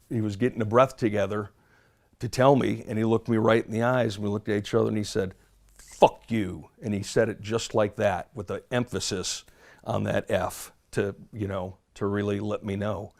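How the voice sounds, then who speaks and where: A man calmly recounting what he saw at a scene, in an interview clip. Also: lowish voice, creaky. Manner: measured, narrative recounting. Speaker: first responder recounting an event. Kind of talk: interview recollection.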